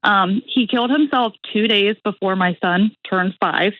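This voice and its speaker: A woman's voice: medium pitch, a little slow, no echo, lo-fi sound. A young woman from Indiana calls in to an advice show, speaking earnestly and hesitantly with many fillers. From Indiana, USA. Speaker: caller. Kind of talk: phone-in conversation.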